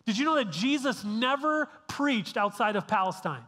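High bright-voiced man preaching in a church. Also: animated, normal speed, long reverb tail. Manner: conversational, frequent restarts and "right?" checks. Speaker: pastor. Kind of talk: sermon. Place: church sanctuary.

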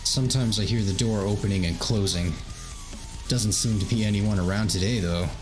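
A man's voice: on the low side, normal speed, music in the background, close to an everyday voice. A man voicing a young woman student who complains politely about noise.

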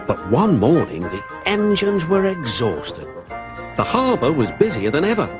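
A man narrating a children's story in an expressive, lilting way, with music behind. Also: a little high, measured pace.

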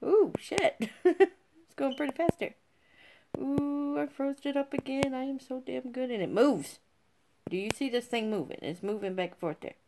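A woman streamer giving excitable let's-play commentary, giggling, swearing freely and squealing when she wins. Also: sits high, normal speed, background noise. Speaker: gaming streamer.

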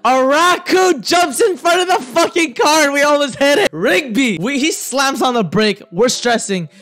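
A young man telling a storytime vlog anecdote, swinging from low mutters to excited shouts. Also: normal speed. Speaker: vlogger.

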